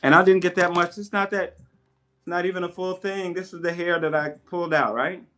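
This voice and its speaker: A man chatting casually on a livestream while he takes down his hair, telling stories with lively quoted voices. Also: high-pitched, brisk, soft background music. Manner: chatty, animated storyteller with playful voices in quotes. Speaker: live streamer. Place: at home doing his hair. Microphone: tablet mic.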